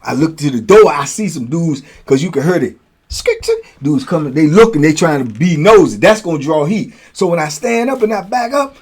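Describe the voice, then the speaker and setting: A man telling stories from prison in a casual, animated way, acting out blows with sound words. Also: a little high, a little fast, slightly rough. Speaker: storyteller, host.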